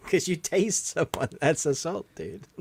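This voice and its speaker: A man's voice: fairly high pitch, big pitch swings, measured pace, vocal fry, husky. A man co-hosting a movie podcast in casual chat, wry and teasing, laughing often. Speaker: podcast co-host.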